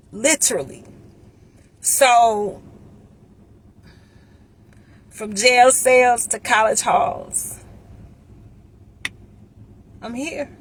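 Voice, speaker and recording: A middle-aged woman chatting casually with viewers on a livestream, heartfelt and emotional, pausing often with ums. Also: medium pitch, fairly bright tone. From Chicago area. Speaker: vlogger and insurance agent. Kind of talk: casual live-stream chat with viewers. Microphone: phone.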